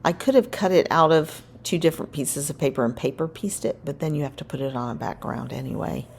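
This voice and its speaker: A woman's voice: low-pitched, fairly quick, vocal fry, slight background noise. A woman narrating her scrapbook crafting in a casual voice-over, rambling and correcting herself as she goes. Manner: rambling, self-correcting, relaxed.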